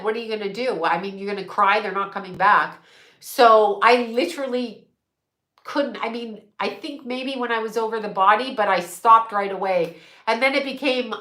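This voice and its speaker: A woman's voice: mid-range voice, pushed and bright, reverberant. A middle-aged woman, a psychic medium, chatting casually and bluntly, swearing freely and laughing often. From United States. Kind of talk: casual livestream chat.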